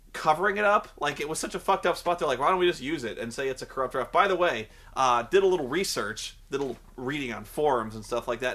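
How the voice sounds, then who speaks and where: A man reviewing a wrestling show in a casual, sarcastic rant. He swears freely and drifts off on tangents. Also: medium pitch. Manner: animated, profane, sarcastic, goes off on tangents. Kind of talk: casual ranting commentary.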